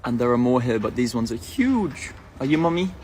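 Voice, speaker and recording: A male vlogger chatting casually to his phone camera, excitable and quick to coo over animals. His voice sits at a medium pitch. A faint hiss runs under the recording. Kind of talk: casual vlog chat. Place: home and outdoors at a farm.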